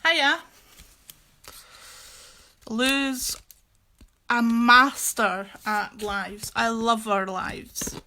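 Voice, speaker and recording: A woman's voice: fairly high pitch, fairly even intonation, drawn-out words, long pauses, bright, forceful tone, slight background noise. A woman hosting a casual crafting livestream from her craft room, chatty and gushing, often giggling.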